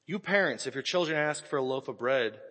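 Man in his 40s, pastor, lively husky voice, bright tone, sermon in a reverberant hall. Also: medium pitch, fairly quick. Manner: animated storytelling, bursts into shouts. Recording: echoey hall with long reverb.

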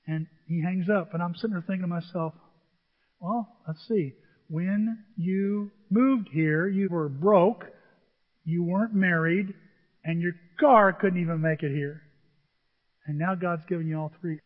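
A man preaching a sermon as pastor, animated and storytelling, acting out the voices of the people in his stories. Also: high voice, measured pace, big-room sound, narrow, tinny audio.

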